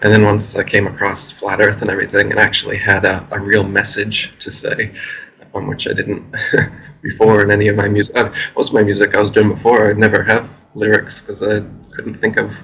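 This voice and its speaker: A man being interviewed in a casual conversation, speaking in a calm, monotone, laid-back way. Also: lowish voice, a little fast, gravelly, muffled recording. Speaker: interview guest, musician.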